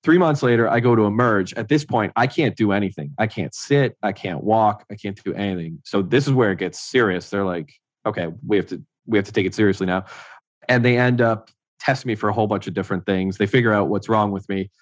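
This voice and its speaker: A man in his thirties, speaking as an interview guest in a relaxed, chatty storytelling way. His voice sits on the low side and sounds dry and close, with no room echo. He slips easily into acting out what other people said, peppering his talk with "like". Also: a little fast. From Ontario, Canada. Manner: conversational, acts out others' lines, frequent "like". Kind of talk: casual personal storytelling.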